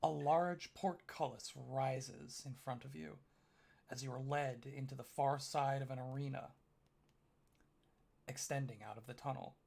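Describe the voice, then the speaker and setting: A man running a tabletop game as game master, narrating scenes slowly and dramatically. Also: medium pitch, steady tone, vocal fry, a little mellow.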